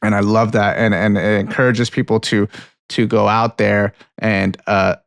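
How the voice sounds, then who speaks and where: A young man with a lowish, gravelly, clear and resonant voice talks at a moderate pace in a level tone, recorded in a clean studio with no room sound. Co-hosting a casual film podcast, he rambles through an anecdote and film review, laughing often, swearing freely and restarting sentences.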